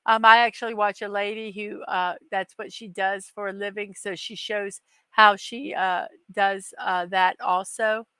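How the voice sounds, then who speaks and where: A woman's voice: medium pitch, flat delivery, unhurried, hardly any pauses, bright, forceful tone, clean tone, no echo. A middle-aged woman hosting a daily morning show, chatting casually with many fillers and reading viewer comments aloud. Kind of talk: casual live-stream chat.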